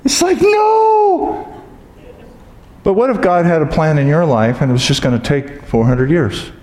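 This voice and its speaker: A man preaching a sermon as pastor, telling stories with humor and acting out loud exclamations. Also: a little high, expressive, brisk. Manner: humorous storytelling, acts out exclamations. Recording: echoey hall with long reverb.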